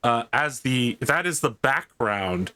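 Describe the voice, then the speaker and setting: A man's voice: medium pitch, expressive, slow, sharp tone. A man narrating as game master of a tabletop role-playing game, with wry humor.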